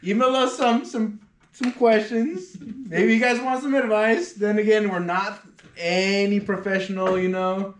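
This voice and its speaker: A man's voice: high voice, fairly even intonation, unhurried, recorded from a distance. A man co-hosting a casual podcast, easygoing and joking along. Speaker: podcast co-host. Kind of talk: casual chat. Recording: echoey room, off mic with faint noise.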